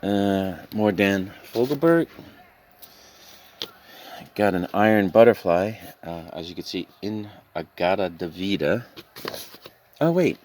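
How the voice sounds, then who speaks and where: A man casually talking through a pile of records he is reselling, reading out album titles and dropping deadpan jokes as he goes. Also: low-pitched, slow, long pauses. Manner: rambling, reads out album titles with deadpan joking asides. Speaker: reseller showing a record haul. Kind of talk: casual vlog commentary.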